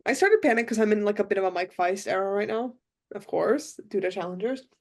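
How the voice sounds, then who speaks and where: A young woman co-hosting a podcast, talking in a rambling, deadpan way with lots of fillers. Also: mid-range voice, fairly quick. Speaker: podcast co-host. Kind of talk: casual chat.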